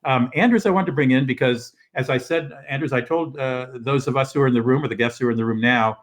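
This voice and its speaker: An older man hosts a casual travel show from his living room over a video call. He rambles along in a mid-pitched voice, full of fillers and restarts. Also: fast. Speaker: host. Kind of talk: casual live-stream talk. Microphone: video call setup.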